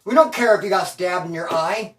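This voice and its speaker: A man's voice: high-pitched, fairly quick, fairly bright tone, reverberant, recorded from a distance. A man voicing unsympathetic male prison guards scolding an inmate. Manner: scolding, dismissive.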